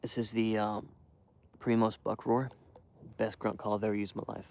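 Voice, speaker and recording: A young man quietly rambling to his live stream while hunting outdoors in the cold wind, full of fillers and restarts. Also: lowish voice, level tone, moderate pace, vocal fry. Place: outdoors in a windy field edge.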